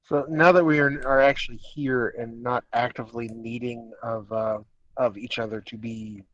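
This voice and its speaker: A man's voice: medium pitch, steady tone, normal speed. Eager man on a lo-fi mic. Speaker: player. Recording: dull lo-fi mic.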